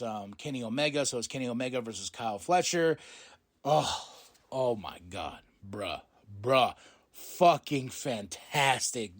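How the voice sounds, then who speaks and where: A man hosting a podcast, casually recapping a show, excitable, laughing often and swearing freely. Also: mid-range voice. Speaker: podcast host.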